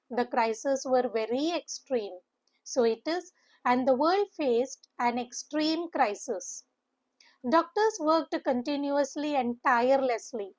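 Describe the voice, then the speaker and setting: A woman's voice: high voice, a little slow. A woman, an English teacher giving an exam-prep lesson, explaining word by word and slipping Hindi phrases into her English.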